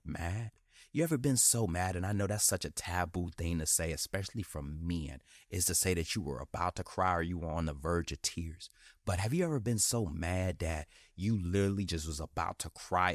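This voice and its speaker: Deep-voiced man hosting a candid podcast. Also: no echo, studio quality. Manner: candid and animated, slangy, repeats phrases for emphasis. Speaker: podcast host. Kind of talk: casual motivational monologue.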